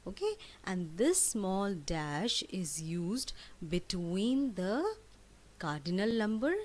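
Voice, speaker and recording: Slow, lively-voiced woman teacher. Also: on the low side. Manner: asks questions and answers them herself, emphatic rising prompts; spells words out letter by letter, repeats key words. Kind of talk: classroom lesson for children.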